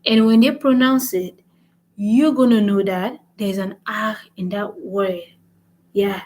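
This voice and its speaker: A woman's voice: medium pitch, fairly even intonation, takes it slowly, darkish tone, poor audio. A woman hosting a casual language lesson vlog, switching between French and English and repeating points with "right?". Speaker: language-learning channel host.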